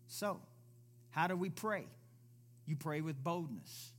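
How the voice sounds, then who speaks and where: A man delivers a sermon at a church service, his voice sitting a little higher than most men's. He preaches emphatically, stacking rhetorical questions and answering them himself. He slips into other voices to act out the people he quotes. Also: a little slow, long pauses, fairly bright tone.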